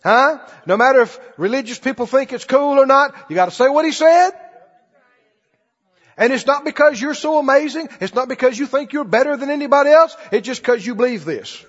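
A man with a very high, lively voice preaches with emphatic force, swinging between quiet asides and loud declarations. His tone is slightly husky, and the dull recording carries the long reverb of a big hall. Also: a little fast. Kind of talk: sermon.

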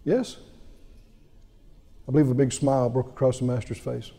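A man's voice: moderate pace, vocal fry. A man preaching a sermon, telling a story with laughter and acting out what people said. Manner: lively, wide-ranging pitch.

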